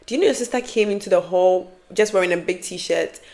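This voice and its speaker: A woman's voice: fairly low pitch, brisk, darkish tone, natural voice. A woman voicing a young man, an ex-boyfriend, recounting events in a matter-of-fact way in her own everyday voice. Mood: telling.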